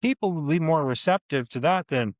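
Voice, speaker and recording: A man in his thirties on a podcast, recounting a gym run-in in loose, profane chat. He jumps up high when he mimics people, and his voice sits close and dry with no room around it. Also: brisk, dry recording. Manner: animated, profane, acts out both sides of an argument. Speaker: podcast co-host. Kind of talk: casual storytelling chat.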